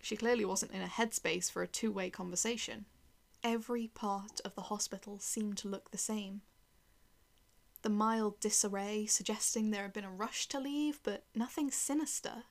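Gravelly woman narrating a horror story. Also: medium pitch, steady tone, normal speed. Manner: tense, dramatic, dropping to a whisper at times.

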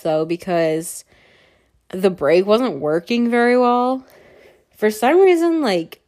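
A woman's voice: on the low side, darkish tone. Chatty, self-mocking young woman. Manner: chatty and self-mocking, laughs often, swears freely, many fillers. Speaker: podcast host. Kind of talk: casual storytelling monologue.

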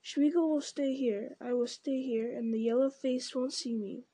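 A woman's voice: sits high, steady tone, normal speed, dark tone, slightly rough. A woman reading aloud and voicing a wretched, sly male creature with a wheedling sing-song manner. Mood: furtive.

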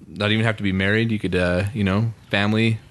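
A man's voice: lowish voice, fairly even intonation, quick pace, fairly bright tone. A man co-hosting a casual chat podcast on a microphone, rambling with many fillers and restarts. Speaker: podcast co-host.

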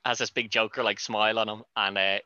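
A man co-hosting a podcast, chatting casually about a film and acting out the characters' lines in quick voices. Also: fairly low pitch, flat delivery, pushed and bright, smooth. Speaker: podcast co-host. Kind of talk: casual film recap chat. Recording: dull lo-fi, dry.

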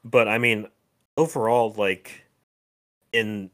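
A man with a fairly low voice co-hosts a podcast in easy conversation. He hesitates constantly, restarting his sentences and chuckling between thoughts. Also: a bit bright. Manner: halting, many fillers and restarts, laughs often. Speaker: podcast co-host. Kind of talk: casual chat.

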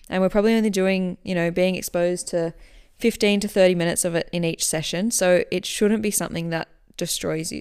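A woman hosting a podcast, answering listener questions in a relaxed, chatty way that explains as she goes. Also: fairly low pitch, clear, resonant tone. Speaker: running coach and podcast host.

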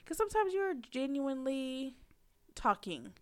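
A young woman in a casual, argumentative chat with her husband, animated and sassy, often mimicking him. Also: sits high, measured pace. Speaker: wife in a couple's talk.

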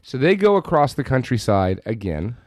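Male podcast co-host, mid pitch, dry close-miked sound, lively scene recaps full of swearing. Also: normal speed, no echo. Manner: animated retelling with swearing. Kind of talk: casual movie-review chat.

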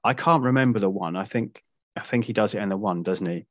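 Guest, man, lowish voice, measured and easy, dry close mic. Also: a bit bright, no room sound, muffled recording. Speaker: podcast guest. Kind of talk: casual film discussion.

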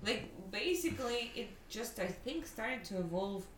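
A woman's voice: a little high, animated, a little slow, fairly bright tone, reverberant, slight background noise, poor audio. A woman from Russia, a podcast guest, talking frankly and rambling, laughing easily. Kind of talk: casual chat.

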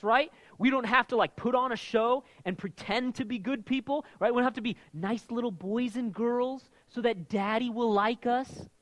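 A man's voice: high voice, a bit bright, no room sound, poor audio. A man preaching a sermon in a conversational way, often restarting and checking in with "right?" as he teaches. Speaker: pastor.

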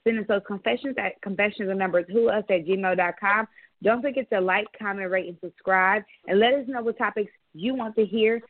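A woman's voice: mid-range voice, fairly quick, no room sound. Outspoken woman on a tinny line. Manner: candid storytelling, swears freely. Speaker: podcast co-host. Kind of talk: casual podcast chat. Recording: dry tinny phone-like audio.

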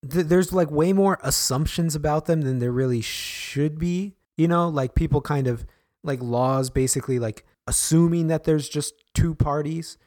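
A man's voice: a little high, normal speed, darkish tone. A man chatting casually as a co-host, playful, laughing easily and rambling through questions. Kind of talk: casual chat.

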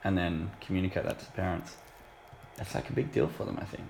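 A man's voice: sits low, level tone, quick pace, vocal fry, darkish tone, a little hiss or hum. A man co-hosting a casual podcast in an easygoing, joking way. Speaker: podcast co-host. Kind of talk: casual chat.

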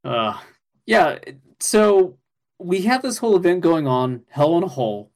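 A man co-hosting a casual podcast, recapping an anime episode in an excitable way, swearing and laughing as he goes. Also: high-pitched, a little slow.

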